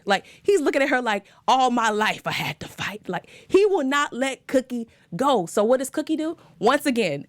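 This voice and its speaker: Lively, animated woman recapping a TV drama. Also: a little high, normal speed, no echo, studio quality. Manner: animated, dramatic, laughs often, talks straight to viewers. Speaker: show recap host. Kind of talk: casual TV recap chat.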